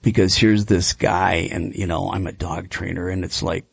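A man hosting a radio talk show about dogs, telling a rambling, lively story with frequent restarts. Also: sits low, moderate pace, creaky, few pauses, slightly rough, no room sound. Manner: lively, rambling anecdote with repeated words. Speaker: radio show host and dog trainer.

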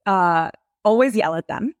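Thirties woman guest, dry sarcastic comic delivery, mid-pitched voice, no room sound. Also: expressive, measured pace, no echo. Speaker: guest, public defender. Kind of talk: deadpan comedic podcast banter.

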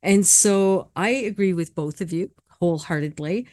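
A woman working as a psychic medium, talking earnestly and reassuringly in a casual panel discussion and telling stories gently. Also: on the low side, normal speed, no room sound, studio quality.

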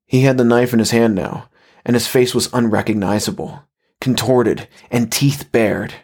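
A man reading a horror story as narrator, in a slow and measured way. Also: medium pitch, fairly even intonation, darkish tone, slightly rough.

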